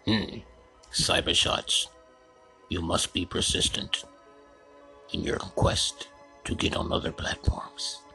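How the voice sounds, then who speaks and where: Man playing a crude old sensei, gravelly, bright edge, low, slow musing. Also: soft background music, exaggerated voice, low-quality recording. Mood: mock-wise. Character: crude old male martial arts sensei.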